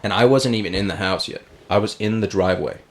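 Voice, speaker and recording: A man's voice: on the low side, fast talker, over a noisy crowd. A man guesting on a podcast, telling a story in casual chat, swearing freely and calling his host "dude" as he quotes himself. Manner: animated retelling, quoting himself.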